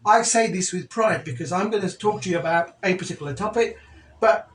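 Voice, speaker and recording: A middle-aged man with a Birmingham accent hosting a community radio talk show, chatting earnestly and telling stories with animated quoted speech. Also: high-pitched, brisk, reverberant, a little hiss or hum. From England. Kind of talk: casual radio chat.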